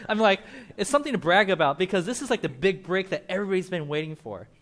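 A young man preaching a casual sermon as pastor, animated, acting out Bible characters and laughing often. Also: high-pitched, quick pace.

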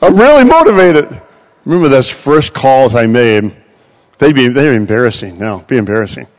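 A middle-aged man preaching a sermon, animated and storytelling, acting out quoted voices. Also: medium pitch, moderate pace. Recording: long hall reverb.

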